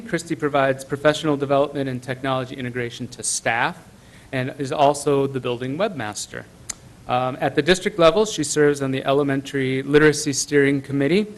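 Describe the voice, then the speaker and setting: A man's voice: mid-range voice, rough recording. A man who coordinates technology for the schools, earnestly reading a tribute to teachers into the record with many small fillers. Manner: earnest, many ums and uhs.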